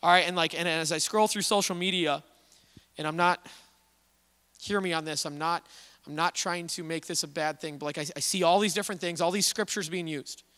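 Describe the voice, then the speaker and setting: A man preaching a sermon as pastor, talking in a conversational, animated storytelling way. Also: a little high, fairly quick. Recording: long reverb of a hall.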